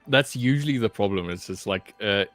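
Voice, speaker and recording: A man's voice: on the low side, fairly quick, a bit bright, soft background music. A man joining a casual live-stream chat with dry, teasing remarks. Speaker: co-host.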